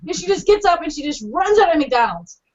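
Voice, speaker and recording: A woman co-hosting a podcast, telling a crude story in casual chat with an animated, laughing delivery. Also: extremely high pitch, brisk, noisy background. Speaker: podcast co-host. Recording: dull lo-fi podcast audio.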